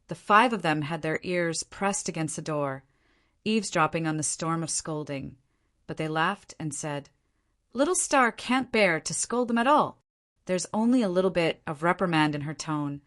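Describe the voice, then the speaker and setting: A woman narrates a fantasy novel audiobook in a steady read-aloud manner. Her voice sits a little low for a woman. The reading is even and scripted throughout.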